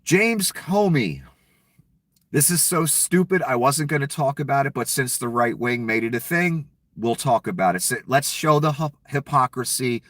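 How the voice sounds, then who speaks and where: A man's voice: mid-range voice, lively intonation, normal speed, a bit bright, dry recording. A man giving an angry, profane political rant with a sarcastic, heated delivery. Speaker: political commentator.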